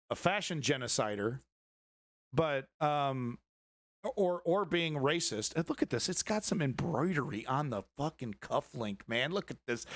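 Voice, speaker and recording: A man rants about news clips in a profane, sarcastic stream commentary. His voice sits a little high for a man. The sound is dry and close, with no room around it. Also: a bit bright, no room sound. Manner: heated, swearing, sarcastic.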